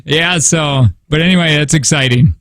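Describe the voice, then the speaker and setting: A man's voice: on the high side, normal speed, a bit bright, no room sound. A young man co-hosting a casual radio show, telling a story and acting out his kids and neighbors in raised voices. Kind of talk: casual morning radio banter. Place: radio studio. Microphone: studio microphone.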